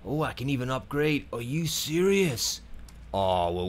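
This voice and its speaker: A man giving excited gameplay commentary, cheering and whooping at his wins. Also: medium pitch, measured pace. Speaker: gaming commentator.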